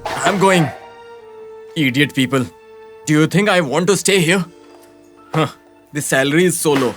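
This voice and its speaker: A man's voice: fairly high pitch, unhurried, music in the background, close to an everyday voice. A man voicing a fed-up office worker in a dubbed film, grumbling and easily confused. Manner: grumbling, bewildered. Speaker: office employee turned hired agent.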